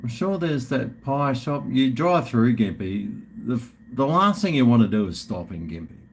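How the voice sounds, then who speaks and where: A man's voice: medium pitch, big pitch swings, normal speed, creaky, slight background noise. A middle-aged Australian man hosting a live stream, rambling and swearing in casual banter with his viewers.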